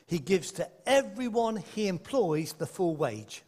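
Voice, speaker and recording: A man preaching a sermon to a congregation, lively and conversational, with playful asides. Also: high-pitched, unhurried, breathy edge. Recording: echoey hall.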